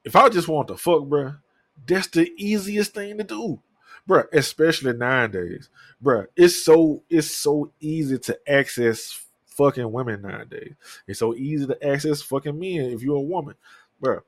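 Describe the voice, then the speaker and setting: A man's voice: fairly high pitch, lively intonation, moderate pace, dry recording. A man in his thirties hosting a podcast, talking alone in a candid, profane, rambling way. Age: 30s. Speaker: podcast host. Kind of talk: casual solo talk.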